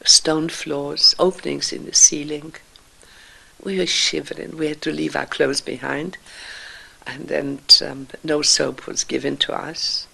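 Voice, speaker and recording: Older woman, slow halting testimony, gravelly fry, breathy whispers. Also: sits low, bright, forceful tone, low-quality recording. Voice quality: gravelly, husky voice. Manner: slow, emotional, halting delivery with whispered passages. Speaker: Holocaust survivor speaker. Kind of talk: personal testimony.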